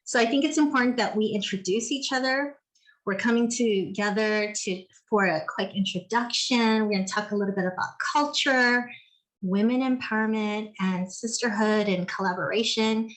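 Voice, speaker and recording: An American woman hosts a relaxed video call, talking eagerly with plenty of "like" and "so". Her voice has an ordinary middle pitch for a woman. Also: normal speed, rough recording. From California, USA. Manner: chatty, enthusiastic, filler-heavy. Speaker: host. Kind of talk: casual video call conversation.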